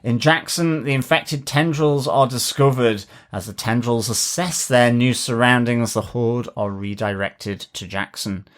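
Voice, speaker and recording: Man, podcast co-host, casual review chat, mid-range pitch, measured delivery. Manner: reads plot recap in a measured way, then chats with frequent fillers and restarts.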